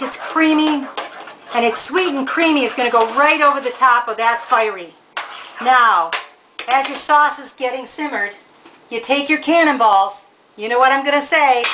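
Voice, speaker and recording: A woman with a high voice presents a recipe in a casual cooking demonstration from her home kitchen, with background noise audible. She's chatty and homey, speaking directly to the viewer.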